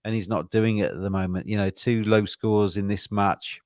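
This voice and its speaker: A man's voice: lowish voice, fairly even intonation, moderate pace, no echo, clean studio sound. A man co-hosting a podcast, talking cricket in an earnest, rambling way with frequent restarts. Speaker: podcast co-host. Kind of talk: casual cricket chat.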